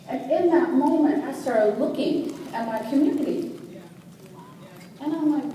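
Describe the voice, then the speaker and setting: Animated woman telling a story in an echoey hall. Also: high voice, a little slow, long pauses. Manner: animated, sassy, preacher-like call and response. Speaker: motivational speaker. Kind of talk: storytelling talk to a live audience. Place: large hall with audience. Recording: echoey hall from far off, noisy.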